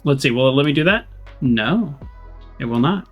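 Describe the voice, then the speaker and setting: Casting: chatty gaming host, man, animated pitch, game music faint behind. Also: moderate pace. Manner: chatty, laughs often. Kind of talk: casual let's-play commentary.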